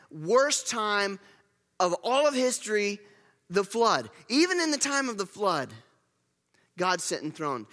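A man's voice: sits high, pushed and bright, big-room sound. A man preaching a sermon in a church, talking in a conversational, emphatic way with frequent restarts and self-corrections. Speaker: pastor.

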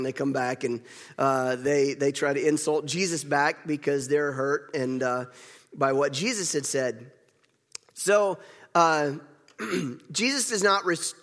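A man with a slightly high voice preaches a sermon. He tells it in a conversational, animated way and laughs now and then. His voice carries a long reverb.

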